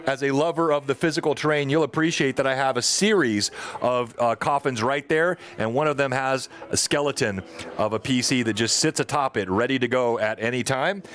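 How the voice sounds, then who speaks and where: A man's voice: medium pitch, a little fast, a bit bright, slight background noise. Chatty man hosting a gaming stream. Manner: rambling, reads chat aloud, frequent fillers. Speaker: podcast host and dungeon master. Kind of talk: casual livestream chat.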